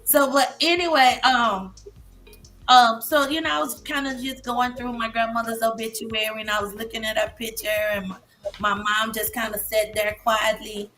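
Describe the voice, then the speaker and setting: A woman in her fifties speaks with a bright voice that sits a little high. She talks haltingly, with fillers and restarts, and sounds near tears. Faint music plays under her. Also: flat delivery. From Massachusetts. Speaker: guest speaker, licensed therapist. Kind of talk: emotional personal testimony on a live show.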